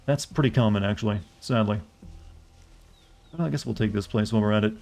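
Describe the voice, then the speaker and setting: A man's voice: on the low side, gravelly, a little mellow. Chatty male game streamer. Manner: chatty, answers chat, halting restarts. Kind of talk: casual gameplay commentary.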